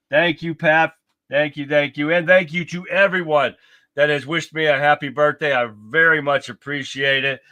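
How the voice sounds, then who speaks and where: Fifty-something guy hosting a live stream, chatty and upbeat, bright voice, a bit high. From United States. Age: 50s. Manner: upbeat, chatty, calls out to viewers. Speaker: livestream podcast host. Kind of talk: casual live-stream shout-outs.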